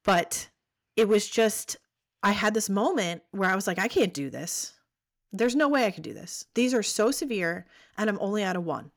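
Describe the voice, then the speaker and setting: A woman in her thirties telling a personal story as a podcast guest, animated, acting out what people said. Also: mid-range voice, moderate pace. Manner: animated storytelling, acts out quoted voices.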